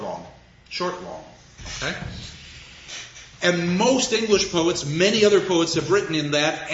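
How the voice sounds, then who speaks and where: A man giving a reflective lecture on poetry, speaking in a measured, thoughtful way and slowing down to stress key phrases. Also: a little high, fairly bright tone, roomy sound, highs cut off, slight background noise. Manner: measured, thoughtful, with deliberate pauses and slowed emphasis.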